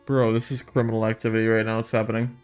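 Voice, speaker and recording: A man's voice: fairly low pitch, completely flat delivery, quick pace, clean tone, soft background music. A man giving casual commentary while playing a game, exasperated and swearing to himself. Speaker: gamer streamer.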